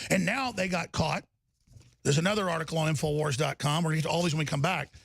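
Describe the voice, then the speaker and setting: Man, talk show host, gravelly, high-pitched, heated political rant, dry close sound. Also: a bit bright, no room sound. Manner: heated, emphatic, repeats words when riled.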